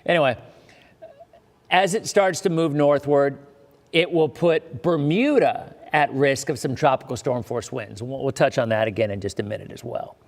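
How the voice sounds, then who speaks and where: A man's voice: medium pitch, normal speed, gravelly, long reverb tail. A man hosting a live weather forecast, talking in a chatty way with joking asides to his viewers.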